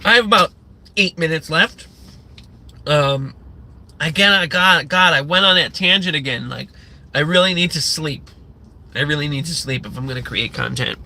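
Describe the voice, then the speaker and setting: A man's voice: on the high side, moderate pace, gravelly, pauses often, pushed and bright, slight background noise. A man hosting a livestream, ranting in a sarcastic, profane and rambling way, full of fillers and restarts. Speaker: livestream host.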